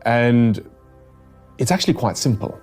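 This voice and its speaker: A man's voice: mid-range voice, measured pace, faint music behind. Theatrical male voice coach. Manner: animated, theatrical, shifts voice to demonstrate. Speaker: voice and communication coach. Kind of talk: podcast interview, demonstrative teaching.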